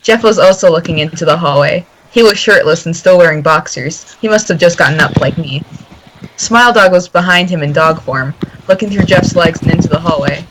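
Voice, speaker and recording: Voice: medium pitch, a little fast, fairly bright tone. A young narrator reading a fan story aloud to friends, giggling and stumbling over words. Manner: giggly, stumbles and corrects itself while reading. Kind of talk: casual group reading on a voice call. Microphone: voice call mic. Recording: very noisy voice call audio.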